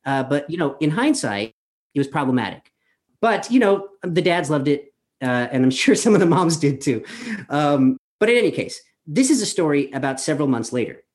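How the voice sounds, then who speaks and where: A man's voice: a little high, darkish tone. A man in his thirties, originally from Colorado, tells a true story to a live audience over a video call. He talks casually and pokes fun at himself, with frequent ums and uhs. He is speaking into a webcam from home. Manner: chatty, self-deprecating, many fillers. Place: his apartment.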